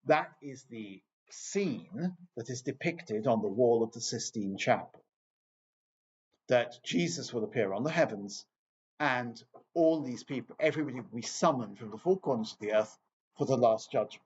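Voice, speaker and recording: A man's voice: medium pitch, lively intonation, normal speed, slightly rough, lo-fi sound. A man from England giving an informal lecture on scripture, chatty and digressive with wry asides.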